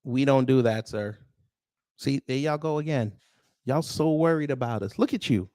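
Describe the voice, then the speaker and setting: A man's voice: mid-range voice, normal speed, mellow, dry recording, clean studio sound. A man hosting a live-stream commentary show, answering his chat in a sarcastic, mocking and confrontational way. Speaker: host of a news commentary livestream.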